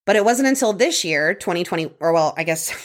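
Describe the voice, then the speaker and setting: A woman's voice: on the low side, lively intonation, a little fast. A woman co-hosting a podcast, casually telling a true crime story from her notes with fillers and light laughter. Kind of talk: casual chat reading prepared notes.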